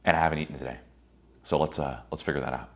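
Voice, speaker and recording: A man giving a motivational talk to a group, intense and profane, dropping to a hushed whisper for emphasis. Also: rumbling low, steady tone, rapid-fire. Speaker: motivational speaker.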